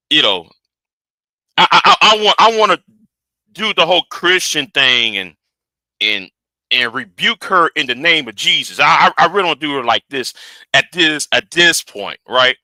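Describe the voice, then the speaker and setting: Excitable high-voiced male streamer. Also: unhurried, pauses often, no room sound. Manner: excitable, repeats words while building a point. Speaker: live stream host. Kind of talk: live stream reaction commentary.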